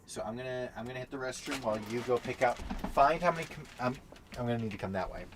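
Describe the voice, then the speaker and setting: A man's voice: mid-range voice, quick pace, noisy background. Casual male game streamer. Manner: mumbles to himself while sorting pieces. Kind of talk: casual chat while setting up a game.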